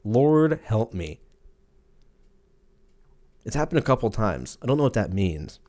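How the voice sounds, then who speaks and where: A man's voice: lowish voice, sing-song, a little slow, a little mellow. A man in his thirties hosting a casual solo podcast, rambling and cursing with jokey asides. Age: 30s. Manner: profane, rambling, jokey, puts on silly voices for quotes. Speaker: podcast host.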